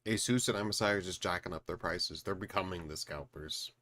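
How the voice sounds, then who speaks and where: A man's voice: deep voice, brisk, bright, forceful tone. A man streaming, chatting casually and ranting emphatically while he eats dinner. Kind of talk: casual chat reacting to a video.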